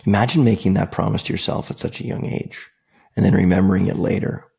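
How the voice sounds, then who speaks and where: A man's voice: sits low, steady tone, fast, gravelly, mellow, breathy edge. A man from Canada hosting a podcast, telling reflective personal stories in an earnest, conversational way and repeating key phrases for emphasis. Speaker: podcast host.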